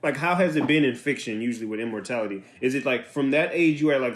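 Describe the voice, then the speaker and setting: A man's voice: medium pitch, animated, quick pace. Male co-host, inquisitive, rambling with fillers, roomy echo. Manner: curious, asks questions with lots of "like". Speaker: podcast co-host. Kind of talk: casual chat.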